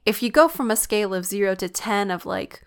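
A woman's voice: mid-range voice, lively intonation, brisk, smooth. A worn-out, stressed woman talking earnestly and confidingly about her struggles in a personal vlog.

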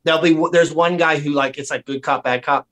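A man on a podcast, rambling and animated, swearing and mimicking people as he tells stories. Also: on the high side, brisk. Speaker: podcast guest. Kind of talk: casual chat. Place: lives in San Diego.

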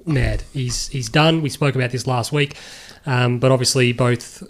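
A man's voice: mid-range voice, steady tone, moderate pace. A man co-hosting a casual sports podcast, giving a confident motorsport rundown with frequent ums. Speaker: podcast co-host.

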